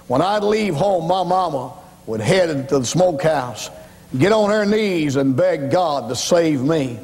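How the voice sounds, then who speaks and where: An older evangelist tells his own testimony in a folksy, storytelling way. His voice sits a little high for a man. It rings out with a long reverb, as if recorded in a large church hall. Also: darkish tone. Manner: folksy storytelling, rising to impassioned cries. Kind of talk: testimony sermon.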